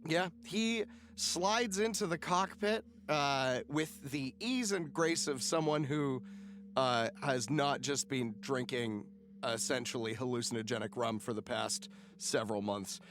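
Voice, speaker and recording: A man's voice: medium pitch, a little slow, fairly bright tone. A man narrating a tabletop game as game master, casual and swearing freely.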